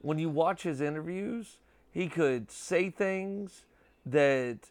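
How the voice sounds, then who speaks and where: A man's voice: fairly high pitch, slow, no room sound. A man in his thirties hosting a podcast, rambling casually with lots of filler and swearing. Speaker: podcast host. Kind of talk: casual chat.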